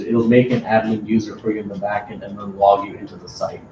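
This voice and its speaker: A man's voice: fairly low pitch, flat delivery, fairly quick, darkish tone. A man giving a casual technical talk at a meetup, hesitant and often repeating his words. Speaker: meetup presenter. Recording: echoey room, distant dull mic, faint noise.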